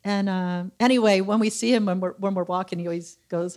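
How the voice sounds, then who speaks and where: Animated middle-aged woman telling a testimony. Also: mid-range voice, fairly quick. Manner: animated storyteller acting out quoted voices. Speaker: church member sharing testimony. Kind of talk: sermon testimony storytelling.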